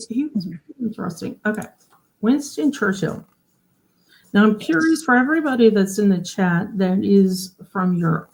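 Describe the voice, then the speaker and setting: A woman's voice: medium pitch, creaky, darkish tone. A woman hosting a casual livestream. She explains things in a chatty way and often asks her viewers questions. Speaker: host of a genealogy livestream.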